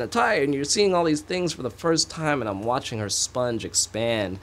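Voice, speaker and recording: A man's voice: medium pitch, very animated, brisk, few pauses. A man talking as a guest on an online talk radio show, earnest and rambling, laughing easily. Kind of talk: casual interview talk.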